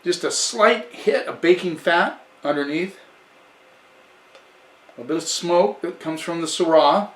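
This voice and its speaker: A man's voice: fairly high pitch, measured pace, long pauses, distant mic. A man giving a casual wine tasting review in a chatty way, often restarting and correcting himself. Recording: echoey room, away from the mic.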